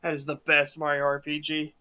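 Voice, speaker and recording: Bright-voiced man riffing on games. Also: fairly high pitch, a little fast, smooth. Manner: animated, opinionated, swears freely. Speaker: podcast host. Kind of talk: casual gaming commentary chat.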